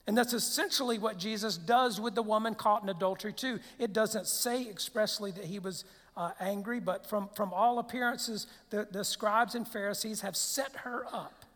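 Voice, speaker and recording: A man's voice: high-pitched, fairly bright tone. Pastor guy preaching, talks like a chat, lots of "right?" and restarts, big echoey hall. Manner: conversational preaching with rhetorical questions and restarts. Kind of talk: sermon. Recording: long hall reverb.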